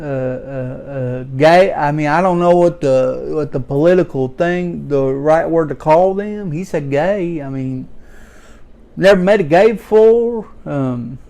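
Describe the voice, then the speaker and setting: Guy doing a folksy redneck rambling on, stammers a lot, kinda high smooth voice. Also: darkish tone. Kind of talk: rambling comedic character monologue.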